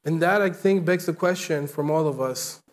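Guy preaching a sermon, earnest and emphatic, voice sits a bit high, lots of repeated phrases. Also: moderate pace. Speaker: pastor.

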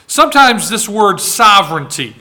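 A man from the United States preaching a sermon, reading scripture aloud and swinging between raised, dramatic lines and hushed, slow ones. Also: high-pitched, big pitch swings. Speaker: pastor.

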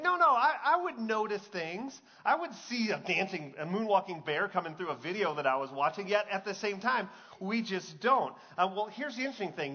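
Bright, high-voiced male pastor. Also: highs cut off. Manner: conversational, jokey, asks the crowd questions. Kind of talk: sermon.

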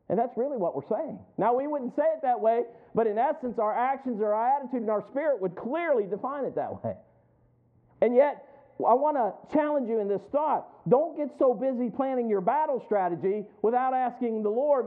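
A man with a very high-pitched, expressive voice preaches a folksy sermon at a moderate pace, quoting scripture and acting out the inner voices of worried churchgoers. He laughs often between lines, and the recording sounds tinny, like a phone.

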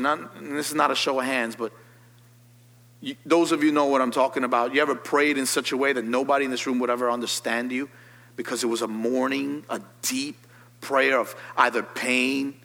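Fervent preaching man in a reverberant hall. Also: gravelly. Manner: preaching, climbs high and loud when fervent. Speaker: pastor. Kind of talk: sermon.

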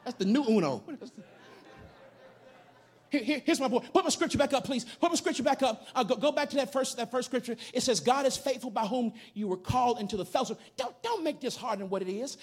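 Animated preaching man, high and lively. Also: fairly quick, husky. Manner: preaching with shouted emphasis and stories; casual, everyday speech. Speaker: pastor. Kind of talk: sermon.

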